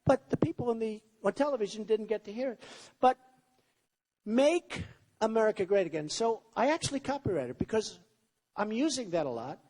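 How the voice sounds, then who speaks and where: A man's voice: high voice, lively intonation, fairly quick, darkish tone, long reverb tail. A man giving a campaign rally speech, rambling, repetitive and boastful. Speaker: presidential candidate. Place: large rally venue with crowd.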